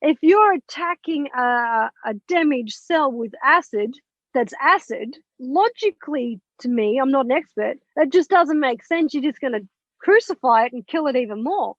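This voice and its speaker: A woman telling a personal story as a podcast guest, animated and candid, with swearing and laughter. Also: sits high, moderate pace, dry recording. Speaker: podcast guest, spiritual mentor. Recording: dull lo-fi, dry sound.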